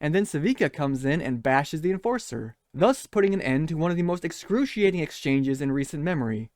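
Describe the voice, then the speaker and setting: A man's voice: a little high, animated, fairly quick, a little mellow, dry recording, studio quality. A man giving scripted, sarcastic commentary as a show critic, scathing, mocking and profane.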